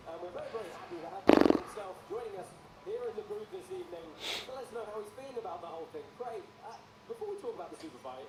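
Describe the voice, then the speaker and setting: Male sports commentator, quick, highish voice, crowd noise behind, polished. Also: big pitch swings. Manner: upbeat, polished presenter delivery. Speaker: event commentator. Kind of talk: live sports broadcast commentary.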